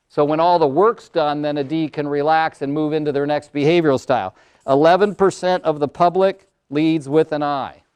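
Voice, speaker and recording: Here an older Californian man leads a live workshop as a motivational speaker and coach. He pours out words loudly and rapidly, full of energy, his fairly high voice staying smooth.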